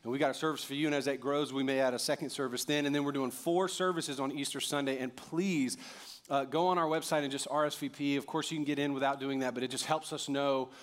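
A pastor in his thirties preaching a sermon, animated and jokey, rising to loud emphatic peaks. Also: mid-range voice, fast talker.

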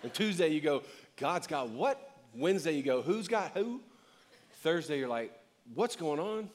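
A man's voice: a little high, expressive, moderate pace. A middle-aged male pastor preaching a conversational sermon, joking and acting out short voices.

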